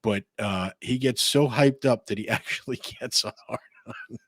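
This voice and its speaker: A man's voice: medium pitch, normal speed, no echo, clean studio sound. A man co-hosting a podcast in casual chat, laid-back and hesitant with many fillers. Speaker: podcast co-host.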